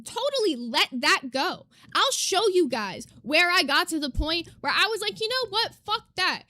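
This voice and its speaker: A young woman streamer talks straight to her live chat in a very high voice. She is emphatic and indignant and swears freely as she argues her side. The sound is dry and close, with no room around it. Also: sharp tone, no room sound.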